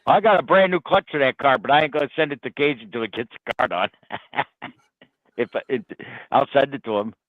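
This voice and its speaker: A man's voice: mid-range voice, a little fast, dry recording. A man in a casual call-in chat about cars, plainspoken and wry in a matter-of-fact way. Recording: tinny phone line.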